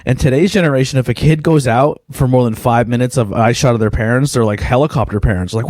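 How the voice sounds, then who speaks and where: A man's voice: medium pitch, fast talker, few pauses, darkish tone, no room sound, studio quality. Laid-back, cursing male podcast host. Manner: rambling, profane, laid-back, lots of fillers. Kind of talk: casual solo podcast chat.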